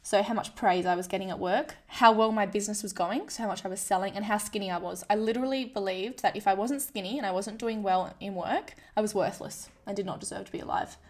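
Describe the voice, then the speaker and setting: A woman's voice: mid-range voice, fast, few pauses, a little mellow. A woman talks straight to the listener in a candid personal monologue. She is frank and self-deprecating. She often slips into quoting her own inner voice. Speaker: vlogger sharing a personal story.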